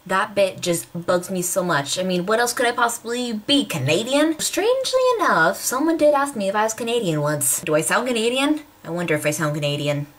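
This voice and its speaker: A young woman from the American Pacific Northwest talks straight to her camera, her accent clear and her voice pitched in an ordinary middle range. She rants in a chatty, exasperated way and drops sarcastic asides. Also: lively intonation, brisk, hardly any pauses. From Washington State, USA. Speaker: vlogger. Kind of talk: casual chat to camera.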